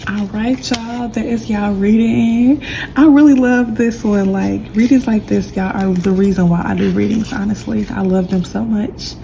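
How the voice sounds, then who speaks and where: Young woman, tarot reader; warm, chatty delivery, low-timbred with a bit of fry. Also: fairly even intonation, moderate pace, a little hiss or hum, rough recording. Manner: chatty, warm and emotional, says y'all a lot. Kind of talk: casual pick-a-pile tarot reading.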